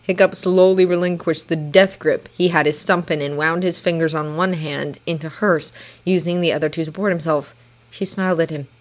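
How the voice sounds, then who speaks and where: A woman reading a fanfiction story aloud in steady storytelling narration. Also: sits low, moderate pace. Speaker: fanfiction reader. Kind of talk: audiobook narration.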